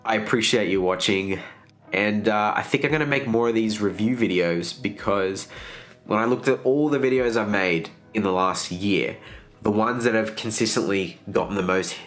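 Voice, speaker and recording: A man with a nasal voice, getting over a virus, giving a candid, relaxed gear review in a casual vlog. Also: on the low side, normal speed.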